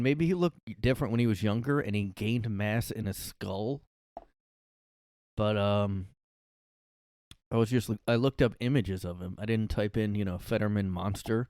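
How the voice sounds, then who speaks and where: A man's voice: fairly low pitch, moderate pace, darkish tone, no room sound, clean studio sound. A man hosting a solo comedy podcast from his room, ranting in a rambling, profane, sarcastic way. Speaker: podcast host.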